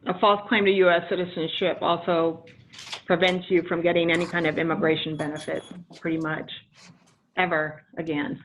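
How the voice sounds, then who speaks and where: A woman giving a measured, explanatory webinar presentation on legal matters, with frequent ums. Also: deep voice, a little hiss or hum. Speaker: immigration attorney presenter. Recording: tinny phone-line audio.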